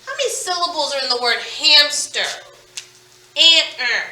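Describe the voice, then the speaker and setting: High, bright-voiced woman teaching phonics. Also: big pitch swings, soft background music. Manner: slow, emphatic, repeats words and sounds. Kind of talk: phonics lesson for children. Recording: echoey room, mic at a distance.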